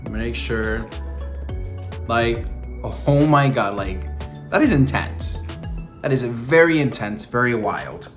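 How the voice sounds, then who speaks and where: A young man hosting a beauty review vlog, sassy and animated, throwing in campy slang and playful swoops. His voice sits at a middle pitch, with music playing faintly underneath. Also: slow, pauses often. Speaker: beauty vlogger.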